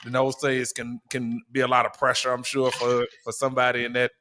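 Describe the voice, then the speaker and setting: A man co-hosting a podcast, telling an anecdote in an easygoing way. He slips into the lines he quotes as he goes. His pitch stays in an ordinary middle range. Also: completely flat delivery, brisk, bright, forceful tone, a little hiss or hum. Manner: laid-back storyteller, acts out quoted lines. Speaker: podcast co-host. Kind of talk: casual chat, storytelling.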